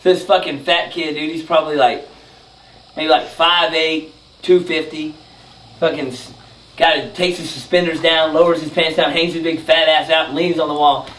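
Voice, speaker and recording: A man's voice: fairly high pitch, normal speed. A man telling a rowdy, profane story, laughing as he acts out the people in it. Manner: profane, laughing, animated retelling. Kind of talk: casual storytelling. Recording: roomy, distant mic with faint noise.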